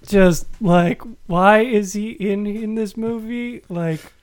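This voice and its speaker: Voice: medium pitch, takes it slowly. A podcast co-host in casual chat, rambling and laughing, often unsure of names.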